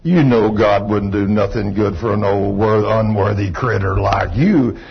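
A man voicing a scornful male devil who taunts slowly in a low, husky voice. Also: fairly even intonation, full character voice. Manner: slow, low and contemptuous. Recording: dull lo-fi recording.

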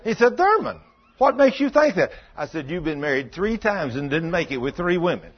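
Sing-song and slightly rough, this man's voice moves at a moderate pace through a sermon. He tells folksy stories, acts out what the characters say, and drops to low, intense tones, on a dull, lo-fi recording.

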